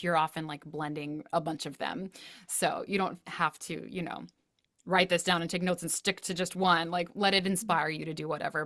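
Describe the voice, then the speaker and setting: A woman who is a parenting educator and a guest, chatting casually, telling lively stories with frequent laughs. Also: on the low side. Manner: animated storytelling, laughs often, acts out voices. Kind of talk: casual interview chat.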